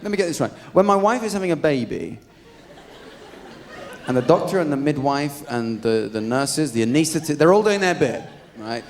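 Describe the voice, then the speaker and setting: A man with an English accent doing a live stand-up routine on a theatre stage, telling stories in a dry, deadpan way. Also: fairly high pitch, moderate pace. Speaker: stand-up comedian. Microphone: stage microphone. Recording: live theatre recording with crowd and noise. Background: audience laughter.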